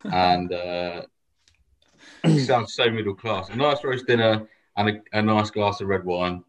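A man in his twenties from a band, talking thoughtfully in an interview with soft, hesitant phrasing. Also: on the low side, measured pace, slight background noise, low-quality recording. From England. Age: 20s. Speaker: band member. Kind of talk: casual interview chat.

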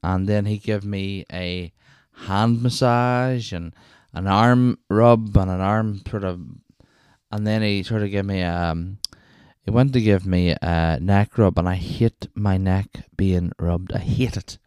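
Deep-voiced Northern Irish man rambling. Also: steady tone, takes it slowly, a little mellow, smooth, no echo, studio quality. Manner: rambling, chatty, self-interrupting with wee asides. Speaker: podcast host. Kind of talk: casual solo storytelling.

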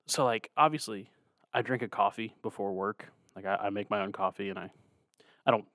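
A man's voice: lowish voice, fairly quick, fairly bright tone, dry recording. Chill young guy podcast host, dry close mic, says dude a lot. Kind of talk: casual chat.

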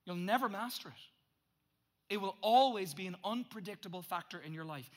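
A middle-aged male pastor preaching a sermon, swinging from loud emphatic bursts to hushed, intense asides. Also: high voice, animated, normal speed.

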